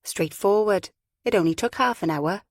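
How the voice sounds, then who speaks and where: A woman's voice: medium pitch, moderate pace, no echo, studio quality, close to an everyday voice. A woman voicing a middle-aged male chief inspector who speaks tersely and matter-of-factly. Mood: curt.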